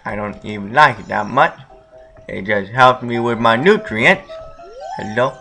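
Young male gamer, bright and slow-paced, goofy running commentary over faint game music. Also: medium pitch, animated, gravelly. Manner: goofy, jokey, talks to the game characters. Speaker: let's play gamer.

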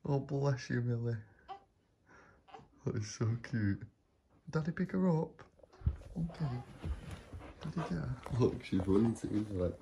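A woman filming her dog and baby at home, talking in soft cooing baby talk and frequent whispers. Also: very deep voice, expressive, unhurried, creaky, pauses often, background noise. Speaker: dog owner and new mother filming at home. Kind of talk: casual home video commentary. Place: home room.

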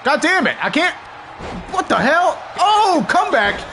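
A woman playing a video game and narrating, with loud reactive exclamations, swearing and laughter. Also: sits high, very animated, measured pace, noisy background. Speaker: gaming channel host. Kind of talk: let's-play commentary.

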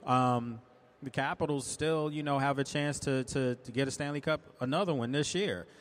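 A man's voice: mid-range voice, moderate pace. A man hosting a live sports talk event in a shopping mall, speaking loosely with many restarts while running a prize drawing. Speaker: sports analyst and host.

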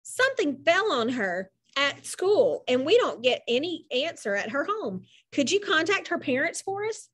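A calm, practical hospital nurse with a businesslike delivery as a woman reader voices her. Her voice sits high and moves freely, with no fuss in it. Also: normal speed, few pauses.

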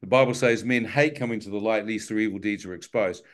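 A man's voice: lowish voice, fast. A man sharing his personal testimony with a live church audience, telling it vividly and with self-mocking humor.

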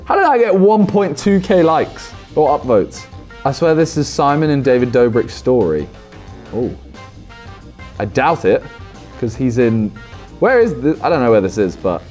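A man's voice: mid-range voice, sing-song, normal speed, long pauses, a little mellow, faint music behind. A young man, reacting to fan posts in casual commentary, teasing and self-mocking.

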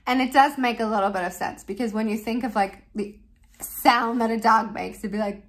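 A woman's voice: fairly high pitch, expressive, normal speed. A woman from Canada, casually reacting to a video for her vlog, amused and laughing often. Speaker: vlogger and parent.

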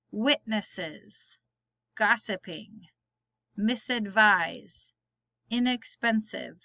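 A woman teaching reading, saying each word slowly and clearly for learners to repeat. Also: mid-range voice, sharp tone, no room sound, dull audio. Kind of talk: slow word-list reading lesson.

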